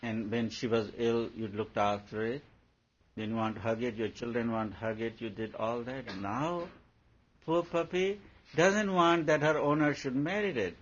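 A man delivers a spiritual discourse in a husky voice, pressing his listeners with rhetorical questions before slipping into playful stories. The recording is dull and lo-fi, with the highs rolled off. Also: normal speed. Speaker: spiritual teacher.

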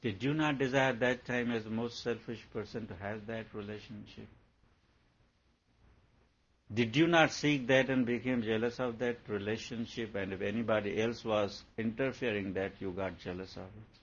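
A man delivers a spiritual discourse in a husky voice, pressing his listeners with rhetorical questions before slipping into playful stories. The recording is dull and lo-fi, with the highs rolled off. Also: steady tone, normal speed. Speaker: spiritual teacher.

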